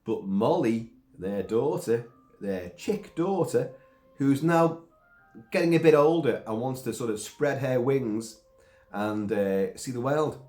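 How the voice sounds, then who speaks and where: A man's voice: medium pitch, expressive, takes it slowly, a little mellow. A sick man with a cough reviews a film in a rambling, casual way, full of asides and mild swearing. His voice rises and falls a lot. The room is echoey, with faint music behind him.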